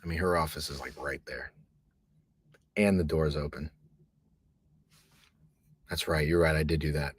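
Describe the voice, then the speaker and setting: A man hosting a casual sports betting chat from an office booth, talking loosely and profanely, rambling, at times hushed and at times loud. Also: very deep voice, steady tone, a little slow, pauses often, slightly rough. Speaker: sports betting podcast host.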